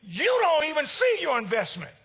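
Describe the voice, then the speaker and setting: A male pastor preaching a sermon, swinging between shouted lines and hushed ones. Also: very high-pitched, huge pitch swings, normal speed.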